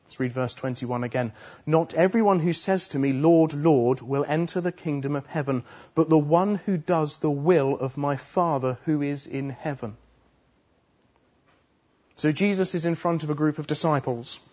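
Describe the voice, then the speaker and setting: A man's voice: on the high side, normal speed, darkish tone, highs cut off. A man preaching a sermon earnestly, pressing his points home with emphatic repetition. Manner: earnest, emphatic, repeats phrases for stress.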